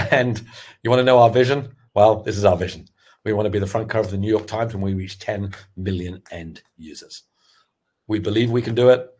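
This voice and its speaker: A middle-aged man giving a candid, animated webinar talk on pitching, full of restarts as he tells his story. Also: fairly quick. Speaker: sales expert and former startup founder.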